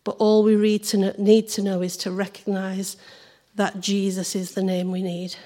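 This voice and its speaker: Croaky woman leading prayer. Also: mid-range voice, level tone, moderate pace, dark tone. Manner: cheerful, prayerful. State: hoarse. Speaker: church service leader. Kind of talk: leading prayer and reading scripture. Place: church.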